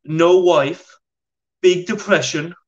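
A British man voicing a Chechen male detainee who speaks in short, halting broken English. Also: sits high, recorded from a distance, highs cut off, voice pushed up. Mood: blunt complaining.

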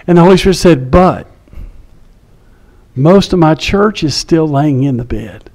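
Higher-voiced man preaching a story. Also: expressive, unhurried, long pauses. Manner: conversational storytelling, drops to a hush for quiet moments. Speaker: pastor. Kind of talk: sermon with personal story.

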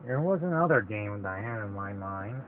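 A man's voice: lowish voice, animated, brisk, a little hiss or hum. A man casually commenting while playing a video game, rambling and stopping himself mid-thought. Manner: rambling, hesitant, chatty. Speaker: let's play host. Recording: tinny phone-like audio with game music.

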